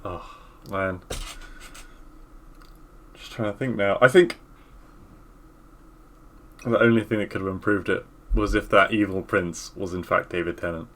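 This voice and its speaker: Bright-voiced laid-back male co-host. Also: deep voice, fairly even intonation, unhurried, pauses often. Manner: laid-back, trailing off, swears casually. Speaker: podcast co-host. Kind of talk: casual chat.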